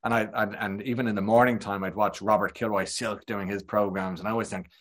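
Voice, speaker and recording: An Irish man with a lowish voice, talking as a guest in a relaxed chat. He tells anecdotes with plenty of energy and drops into quick impressions of people he describes. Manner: animated anecdotal storytelling, slips into impressions. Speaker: guest, TV presenter. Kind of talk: casual chat.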